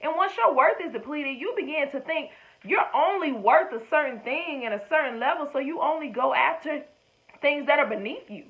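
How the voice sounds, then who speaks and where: High-voiced woman on thin, phone-like audio. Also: expressive, moderate pace. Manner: chatty and encouraging, slangy asides. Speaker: vlogger giving dating advice. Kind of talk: casual direct-to-camera talk.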